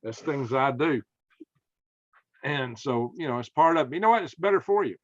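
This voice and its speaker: A man's voice: mid-range voice, expressive, normal speed, highs cut off. A man with a Southern American accent, hosting a casual conversation in a folksy, emphatic storytelling manner. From Southern United States. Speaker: podcast host.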